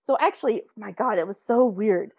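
A woman's voice: mid-range voice, moderate pace, creaky, dark tone, slightly rough, no room sound, clean studio sound. A woman with a neutral American accent, chatting in a rambling, giggly way. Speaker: voice actor. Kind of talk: casual podcast chat.

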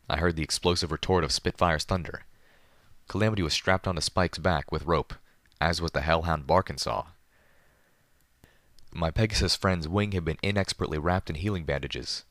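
A man narrating a story in first person in a measured, deliberate manner. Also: low voice, a bit bright, dry recording, studio quality. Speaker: audiobook narrator.

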